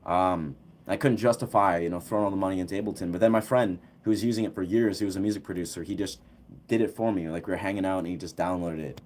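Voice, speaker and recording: Rambling relaxed young man, low voice. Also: fast, a little hiss or hum. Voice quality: relaxed, rambling, full of fillers. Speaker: livestream host. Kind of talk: casual chat answering viewers.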